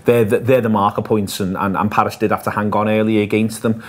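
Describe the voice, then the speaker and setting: Quick chatty guy hosting a football podcast from a bar, low-ish voice, teases his co-host. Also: level tone. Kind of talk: casual football chat.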